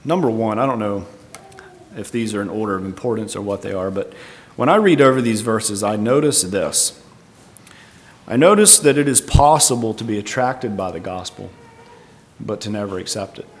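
Thoughtful preacher in a reverberant hall. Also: male voice, fairly low pitch, expressive, normal speed. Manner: thoughtful, tentative, explaining verse by verse. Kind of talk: Bible teaching sermon. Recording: long reverb.

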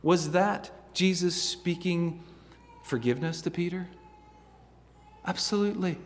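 A man preaching a sermon, earnest, with stammering restarts and swings between loud and hushed passages. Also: high voice, unhurried, pauses often, long reverb tail.

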